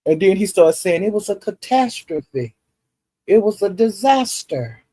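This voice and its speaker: A man's voice: sits high, very animated, a little slow, mellow. A man, recapping online drama in a rambling, folksy way full of fillers. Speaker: YouTube commentary host.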